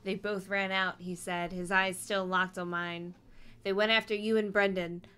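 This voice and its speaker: A woman's voice: mid-range voice, little pitch movement, moderate pace, pushed and bright, clear, resonant tone. A woman on a comedy podcast, reading a book aloud with playful, dry quips and laughter. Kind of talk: comedic read-aloud with banter.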